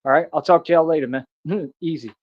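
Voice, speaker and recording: A man's voice: on the high side, steady tone, rapid-fire, no echo, dull audio. A man ranting to his live chat in a boastful, preachy and confrontational way. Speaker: streamer. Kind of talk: live-stream rant to chat.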